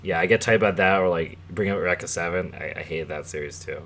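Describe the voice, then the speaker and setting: A man's voice: low-pitched, fast talker, very noisy. A young man hosting a podcast, rambling and swearing through a story in casual chat, with frequent chuckles. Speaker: podcast host.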